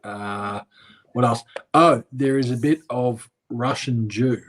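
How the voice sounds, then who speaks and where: Man, politician guest, hesitant, restarts, mid-pitched voice. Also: takes it slowly, a bit bright. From Australia. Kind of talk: casual interview talk.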